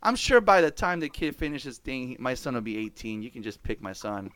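A man, telling family stories on his podcast in a casual, animated way, swearing and laughing often. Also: mid-range voice, fairly quick, clear, resonant tone. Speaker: podcast host. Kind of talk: casual storytelling chat.

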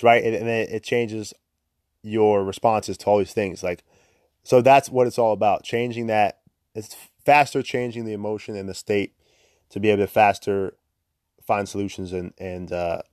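A man's voice: lowish voice, a little mellow, no echo, studio quality. A young man hosting a podcast in a chatty, upbeat way, laughing often and filling with "like". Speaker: podcast host. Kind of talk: casual motivational talk.

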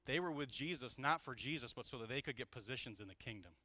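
Bright, candid male pastor preaching. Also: medium pitch, quick pace, dry recording. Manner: candid and animated, swinging between loud and hushed. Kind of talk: sermon.

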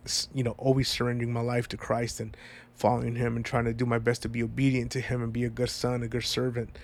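A man's voice: medium pitch, monotone, fast talker. A congested man talking earnestly and reflectively in a personal vlog, rambling and heartfelt. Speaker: vlogger.

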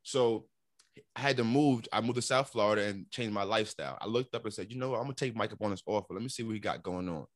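A middle-aged man from New York telling his story in a casual interview, animated and repeating words as he acts out what others said. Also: fairly low pitch, fast, no room sound, clean studio sound. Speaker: interview guest.

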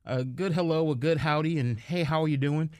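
A man's voice: fairly high pitch, brisk, a little mellow, no room sound, studio quality. Jovial, silly male podcast co-host. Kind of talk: casual chat.

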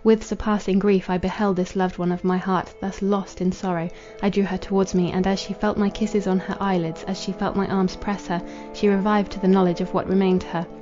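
A woman reading a classic novel aloud as a podcast narrator, in a measured, formal manner. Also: mid-range voice, flat delivery, warm tone. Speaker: audiobook narrator. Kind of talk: scripted literary narration. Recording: dull lo-fi with faint music.

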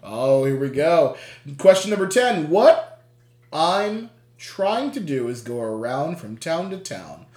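A quiz host in casual chat, reading questions aloud, laughing often, swearing and reacting with loud dismay. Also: mid-range voice, very animated, slow. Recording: roomy echo.

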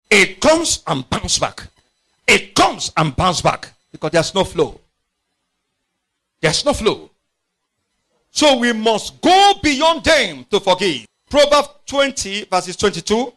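A man preaching a sermon, emphatic and repetitive, swinging from loud outbursts to quiet, low phrases. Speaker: pastor.

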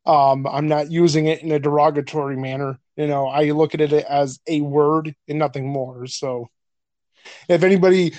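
A man's voice: fairly high pitch, steady tone, normal speed, a little mellow, dry recording. A man co-hosting a podcast in casual chat, blunt and profane, laughing often. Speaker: podcast co-host.

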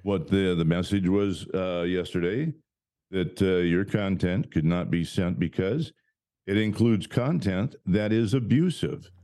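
A man's voice: low voice, unhurried. A man co-hosting a talk podcast, talking emphatically and often breaking off mid-phrase to restart. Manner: animated, emphatic, trails off and restarts. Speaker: podcast co-host. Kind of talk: casual talk show chat.

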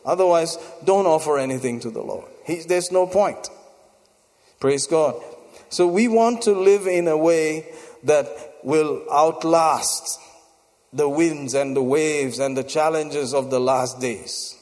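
A man's voice: fairly high pitch, slow, darkish tone. A man preaching a sermon, repeating phrases for emphasis and breaking into exclamations of praise between points. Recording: long hall reverb.

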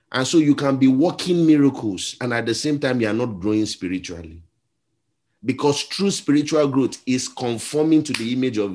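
Man, Nigerian accent, pastor, preaching, storytelling, switches between quiet and loud, middle pitch. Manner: storytelling, acts out voices in a story, shifts between soft and loud. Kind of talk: sermon.

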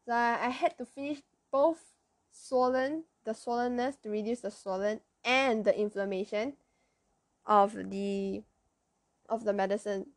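Giggly Malaysian Chinese teen podcaster. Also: female voice, on the high side, dry recording. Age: teens. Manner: halting, searches for words, giggly. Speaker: podcast host. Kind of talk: casual solo podcast.

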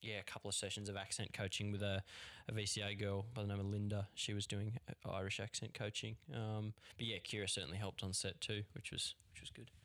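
A man's voice: fairly low pitch, flat delivery, brisk, few pauses, a bit bright. A young man, a film director, chatting in a laid-back way and agreeing often. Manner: laid-back, lots of yeps. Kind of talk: casual chat.

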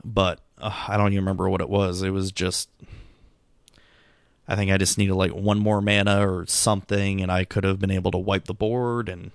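A man's voice: low-pitched, level tone, normal speed, creaky, dry recording, studio quality. A middle-aged man talking through a long night in a rambling, self-critical monologue, tired and subdued, with many restarts and fillers. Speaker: vlogger. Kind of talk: reflective casual monologue.

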